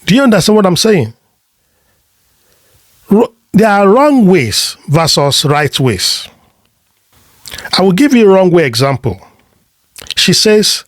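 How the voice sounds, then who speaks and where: A man giving motivational relationship advice in deliberate, emphatic short phrases. He asks rhetorical questions and repeats words when he restarts a thought. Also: high-pitched, sing-song, no room sound, clean studio sound. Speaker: relationship coach.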